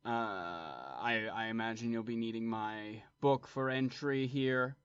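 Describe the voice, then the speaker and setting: A man's voice: mid-range voice, a little slow, a bit bright, smooth, dry recording, dull audio, close to an everyday voice. A man playing a pompous, smug nobleman. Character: wealthy young nobleman, pompous and self-assured.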